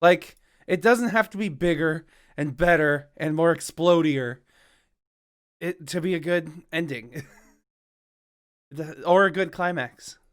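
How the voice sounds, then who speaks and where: A man's voice: a little high, takes it slowly, clean tone. A man co-hosting a podcast over a voice call, joking around and laughing often. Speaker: podcast co-host. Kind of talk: casual chat. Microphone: remote call over voice chat.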